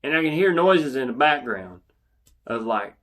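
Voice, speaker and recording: A young man casually telling a funny story, animated and yelling out the lines he quotes. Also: mid-range voice, moderate pace.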